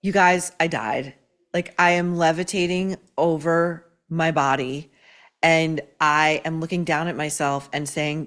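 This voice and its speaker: A woman's voice: low voice, steady tone, a little slow, fairly bright tone. A woman hosting a podcast, giving blunt, profane, sarcastic pop-culture commentary, full of "like" and "okay?". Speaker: podcast host.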